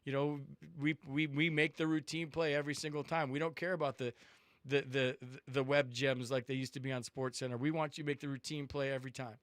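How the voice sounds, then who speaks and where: A man's voice: mid-range voice, fairly even intonation, a little fast, no echo. A man hosting a sports call-in radio show, talking emphatically and repeating words for stress.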